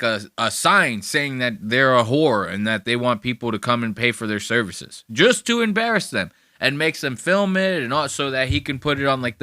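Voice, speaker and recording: A man hosting a podcast in casual reaction commentary, rambling along and swearing freely. His voice is bright and forward, and the recording is dry and close with no room around it. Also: medium pitch, dry recording. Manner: rambling and profane. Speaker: podcast host.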